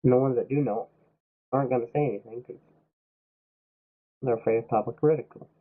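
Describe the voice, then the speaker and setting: The clip features a young man who is sick and streaming a game as he delivers a heated political rant, swearing constantly and mock-quoting others. He speaks a little fast in a steady, medium-pitched voice. The audio is tinny and lo-fi, resembling a phone.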